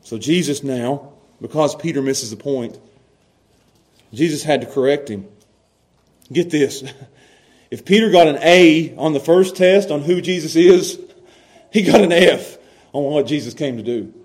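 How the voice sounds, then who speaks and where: A man preaching a sermon as pastor, animated, swinging from loud to hushed and laughing often. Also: on the high side, unhurried, pauses often.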